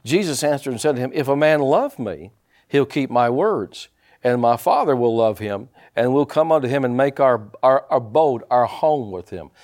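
An older man preaching a sermon, animated and calling out to his congregation. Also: medium pitch, moderate pace. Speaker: pastor.

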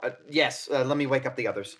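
A man's voice: medium pitch, fast, fairly bright tone, close to an everyday voice, rough recording. A man voicing a shaken young man bringing bad news, stammering and apologetic. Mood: distraught.

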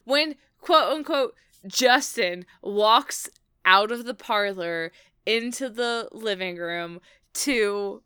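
A woman chatting about a TV episode, excitable and swearing as she laughs through her recap. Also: mid-range voice, takes it slowly, smooth, no room sound, clean studio sound. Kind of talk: casual chat recapping a TV episode.

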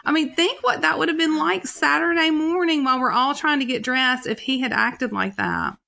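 Bright-voiced mom telling stories. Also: female voice, sits high, moderate pace, vocal fry. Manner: animated storyteller, laughs often. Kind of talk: casual chat.

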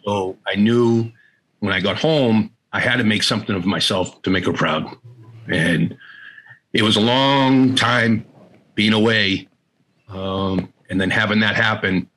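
A middle-aged man as an interview guest, candidly telling a personal story in a halting way, often repeating words and quoting family members. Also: fairly low pitch, a bit bright, low-quality recording.

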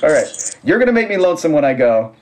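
A man's voice: on the high side, very animated, quick pace, a little mellow, a little hiss or hum. Rambling, laughing male podcast co-host. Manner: rambling, self-correcting, laughs often. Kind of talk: casual music chat.

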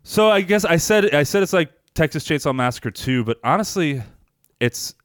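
A man's voice: a little high, expressive, moderate pace, dry recording, clean studio sound. A man co-hosting a film podcast in casual chat, rambling, swearing freely and animatedly retelling scenes. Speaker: podcast co-host reviewing films.

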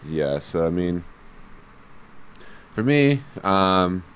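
A man in casual sports chat, explaining his view in a measured way with frequent fillers. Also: low voice, sing-song, slight background noise.

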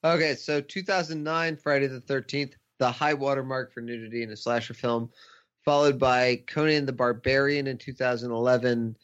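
A male podcast co-host discusses a film casually, adding dry, sarcastic asides. His medium-pitched voice is clear, resonant and fairly bright, with fairly even intonation and a moderate pace, though the audio is dull and lo-fi.

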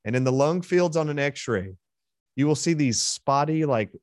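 A man's voice: on the high side, expressive, normal speed, darkish tone, no room sound, studio quality. A man being interviewed as a guest, retelling a heated exchange with force and emphasis. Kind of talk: interview storytelling.

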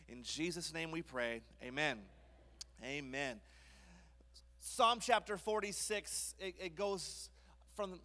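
A young man preaching a sermon in a church, telling lively family stories between scripture points. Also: high-pitched. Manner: lively storytelling with kid impressions. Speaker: pastor. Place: church sanctuary. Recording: church hall reverb.

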